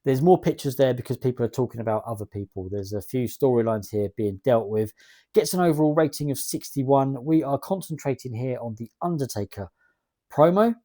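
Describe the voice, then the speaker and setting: A man's voice: medium pitch, animated, fairly quick, warm tone, no room sound. A man hosting a let's-play video, chatting in a rambling way and reading out game text as he plays. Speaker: gaming video host.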